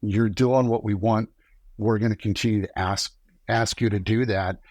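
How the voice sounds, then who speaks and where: A middle-aged man, a guest on a podcast, telling lively stories and acting out the lines of people he quotes. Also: fairly low pitch, normal speed, no room sound. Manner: animated storyteller acting out quoted dialogue. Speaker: podcast guest, former camera operator. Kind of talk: casual storytelling interview.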